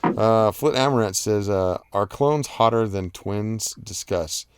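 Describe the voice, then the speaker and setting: A man's voice: fairly low pitch, slow, smooth, no room sound, studio quality. A man hosting a live stream, reading viewer comments aloud and chatting about them in a rambling way, with lots of fillers and restarts. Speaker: host reading live chat. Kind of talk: casual live-stream chat.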